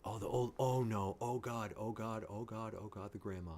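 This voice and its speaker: A man hosting a casual reaction video, giddy, excitable and jokey as he comments on a TV episode. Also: on the low side, normal speed.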